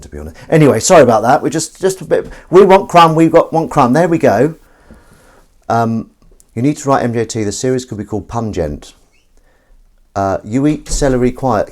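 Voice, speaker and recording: With dishes and cutlery clattering, a streamer washes up at his kitchen sink and chats casually, rambling and reading viewer comments aloud. His voice is on the low side with a darkish tone.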